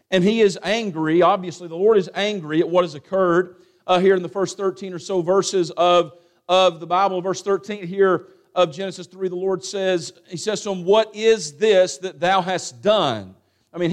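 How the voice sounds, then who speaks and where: Man, pastor, sermon, slightly high voice, folksy. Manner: folksy preaching, reads scripture with rising emphasis. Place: church sanctuary.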